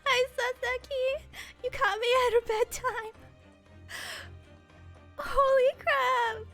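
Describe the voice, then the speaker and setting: A woman's voice: very high voice, steady tone, slow, pushed and bright, faint music behind. A young woman streaming a story game live, reacting with dramatic, tearful, wailing outbursts.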